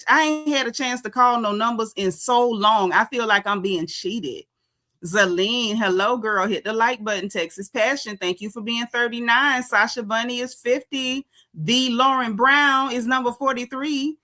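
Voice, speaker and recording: A woman's voice: on the high side, bright, forceful tone. A woman hosting a casual live chat, greeting viewers by name in a sassy, chatty way. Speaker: livestream host.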